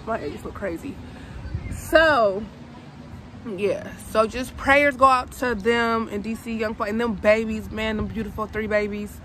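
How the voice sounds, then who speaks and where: A woman's voice: a little high, pushed and bright. Young woman vlogger, heartfelt, conversational, speaks outdoors with faint city noise behind. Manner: conversational, addresses viewers as y'all, emotional. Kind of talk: casual heartfelt vlog talk.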